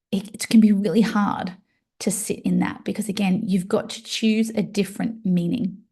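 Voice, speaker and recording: A woman's voice: medium pitch, vocal fry. A middle-aged woman hosting a podcast, talking through a personal story in an earnest, coaching way. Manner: earnest, coaching tone with lively asides. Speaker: podcast host. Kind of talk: reflective podcast monologue.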